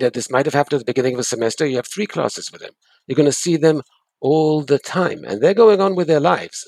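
A man's voice: mid-range voice, darkish tone, no echo. A man giving breakup advice in an interview, earnest and emphatic, often repeating his key points. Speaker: guest expert on breakups.

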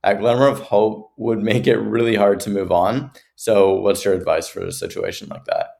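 A man's voice: fairly low pitch, steady tone, normal speed, vocal fry, a little mellow. A young man interviewing an advice guest, who thoughtfully sets up his questions at length.

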